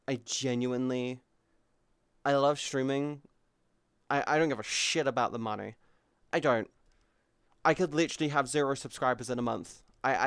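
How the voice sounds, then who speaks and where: A man's voice: mid-range voice, fairly bright tone, smooth, dry recording, clean studio sound. A man live streaming, talking openly and casually with his chat, swearing freely as he answers viewers.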